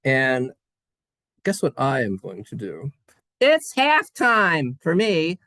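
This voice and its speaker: A man's voice: mid-range voice, lively intonation, takes it slowly, bright, forceful tone, no room sound. A man teaching Hebrew in a playful class, goofy and self-mocking, spelling words out letter by letter. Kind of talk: playful online class lesson.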